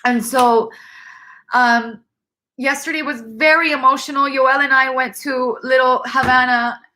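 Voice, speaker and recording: A woman talks on a live stream in an earnest, emotional way, her voice high and bright. She has been crying, and she often repeats and restarts her words. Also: steady tone, unhurried, a little hiss or hum, poor audio. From Cuban-American. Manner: earnest, tearful, repeats herself. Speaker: livestream host.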